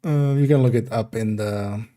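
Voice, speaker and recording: Mellow, mumbling male streamer. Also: fairly low pitch, moderate pace. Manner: rambling, mumbling, lots of fillers. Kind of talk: casual livestream game talk.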